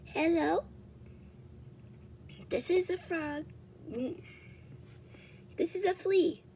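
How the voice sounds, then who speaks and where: Woman doing a squeaky tiny filter voice. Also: fairly even intonation, drawn-out words, warm tone, slight background noise, exaggerated voice. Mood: chirpy. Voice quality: very high and squeaky. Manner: chirpy, cutesy, coaxing. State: sick. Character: squeaky tiny cartoonish filter voice, chirpy presenter.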